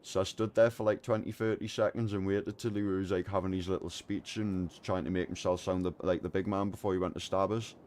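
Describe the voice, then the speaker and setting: A man, streaming and chatting casually, telling a lively anecdote full of swearing. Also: low voice, fairly quick, few pauses, slight background noise. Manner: animated storyteller, swears a lot, acts out voices in anecdotes. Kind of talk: casual gaming chat and storytelling.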